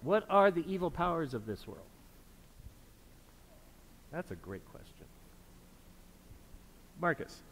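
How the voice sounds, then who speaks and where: A man serving as pastor guides his congregation through a reflection, calmly repeating his prompts and inviting answers. His voice rings with a long hall reverb, and a faint hum of background noise sits beneath it. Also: on the high side, slow pace, long pauses. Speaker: pastor leading a group reflection. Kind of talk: interactive liturgical teaching.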